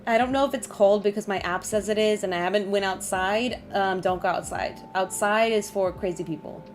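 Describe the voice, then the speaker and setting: A chatty woman livestreaming a game from her home, with a mid-range voice. She rambles easily, laughs often and keeps turning to talk with her dog and her chat. Soft music plays faintly behind her. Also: medium pitch, brisk. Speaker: streamer. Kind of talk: casual chat while streaming a game.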